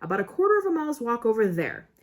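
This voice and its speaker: A woman reading the part of a male wizard who gives directions briskly. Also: a little high, big pitch swings.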